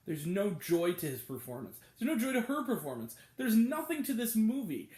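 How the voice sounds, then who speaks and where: Exasperated man ranting, lively pitch, echoey. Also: moderate pace, hardly any pauses. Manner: blunt, exasperated, profane. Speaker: film reviewer. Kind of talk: ranting movie review.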